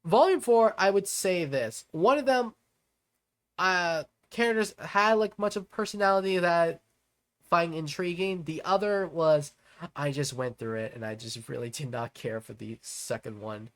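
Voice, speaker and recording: Someone hosting a let's-play reads a visual novel aloud and chats about it, rambling with plenty of fillers and restarts. The voice is medium-pitched and a little slow.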